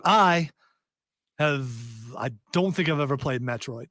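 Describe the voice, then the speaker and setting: A man hosting a podcast panel, moderating a casual chat briskly and with jokes. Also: a little high, fairly bright tone, no room sound, studio quality. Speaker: podcast host.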